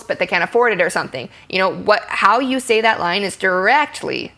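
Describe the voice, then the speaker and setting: A young adult actress chatting in an interview, explaining acting with frequent ums and likes and acting out example lines. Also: female voice, medium pitch, expressive, normal speed, few pauses, a bit bright. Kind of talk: candid interview conversation.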